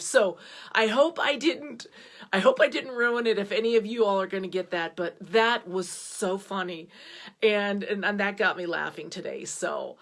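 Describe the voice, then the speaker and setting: A middle-aged woman from the United States, hosting her own livestream show and chatting casually to viewers with an energetic, animated way of telling stories. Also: a little high, moderate pace. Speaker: online show host.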